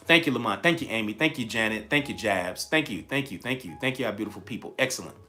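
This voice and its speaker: A man's voice: fairly low pitch, fast, faint music behind. A man hosting a live-streamed coaching talk, repeating key phrases and greeting viewers by name with lots of energy. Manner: energetic, repetitive, chatty with viewers. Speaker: livestream host and coach.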